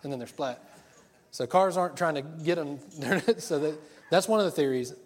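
Joking pastor. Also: male voice, on the high side, normal speed. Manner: chatty and joking, laughs often. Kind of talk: sermon.

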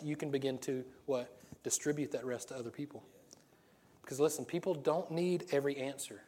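A man preaching at an everyday middle pitch, speaking to his congregation as if chatting with friends. He moves easily between stories and scripture and tosses out questions for them to answer. A light laugh keeps breaking into his talk. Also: a little mellow. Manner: conversational storytelling, rhetorical questions, frequent laughs. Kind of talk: sermon.

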